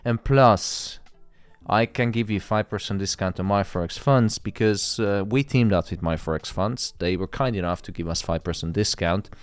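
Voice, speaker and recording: A man with a very low, smooth voice hosts a live stream in loose, joking chat. He hypes his viewers and swears freely. The sound is close and dry, with faint music playing underneath. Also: moderate pace, dry recording. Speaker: trading livestream host.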